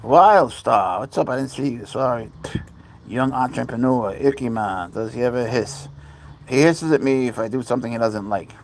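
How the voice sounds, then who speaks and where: Guy with a gravelly creaky voice rambling on a live stream, chatting to his cats and the chat, bit of faint noise behind. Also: mid-range voice, normal speed, rough recording. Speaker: livestream host. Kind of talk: casual livestream chat.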